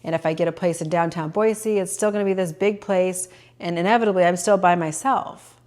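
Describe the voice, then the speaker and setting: This middle-aged woman hosts a personal, reflective podcast, delivering a monologue in a fairly low, darkish voice at a slightly quick pace. She comes across as earnest and openly emotional, and her speech is full of fillers.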